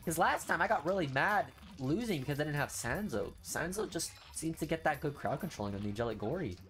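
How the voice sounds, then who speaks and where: A young man commenting on a mobile game he is streaming, grumbling low, then bursting out loud in frustration. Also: lively intonation, a little fast, soft background music. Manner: frustrated ranting, swings from low muttering to loud outbursts. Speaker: gaming streamer. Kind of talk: casual gameplay commentary.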